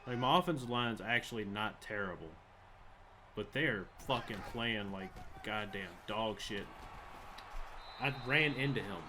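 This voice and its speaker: A man's voice: lowish voice, measured pace, noisy background. A young man giving live commentary over a football video game, frustrated and swearing as he rants about the plays. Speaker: gaming channel host.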